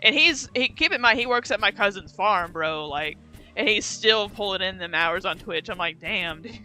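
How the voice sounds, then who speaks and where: A woman's voice: medium pitch, expressive, moderate pace, pushed and bright, soft background music. A young woman streamer chatting casually, slangy and laughing often. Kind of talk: casual chat.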